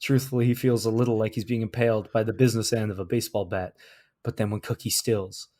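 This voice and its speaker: A man's voice: lowish voice, flat delivery, fast talker, darkish tone. A man co-hosting a comedy podcast, reading fan fiction aloud and breaking into laughter as he goes. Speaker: podcast co-host.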